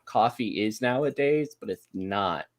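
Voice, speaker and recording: Halting man narrating as game master. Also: lowish voice, lively intonation. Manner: halting, many fillers, laughs often.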